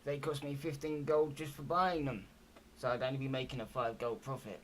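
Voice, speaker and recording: A man's voice: medium pitch, fairly even intonation, fairly quick, a bit bright, lightly acted. A shrewd male tavern barkeep from a fantasy game, put on by a man running the table. He talks in a chatty, bargaining way, with a faint hiss under the voice. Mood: haggling.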